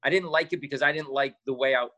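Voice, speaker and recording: In a casual interview, a podcast guest spins lively stories and acts out the quoted lines. He talks at a quick pace with a medium-pitched voice.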